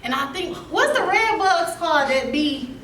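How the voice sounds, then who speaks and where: A woman telling her life story to a seminar audience, animated and laughing through it. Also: extremely high pitch, normal speed, slight background noise. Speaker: seminar speaker. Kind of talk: storytelling talk to a youth audience. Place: seminar room. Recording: echoey room, mic from a distance.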